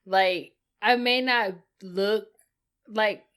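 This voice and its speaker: A woman's voice: medium pitch, drawn-out words, a bit bright, clean tone. A blunt, outspoken woman, swearing freely in casual podcast chat. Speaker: podcast co-host.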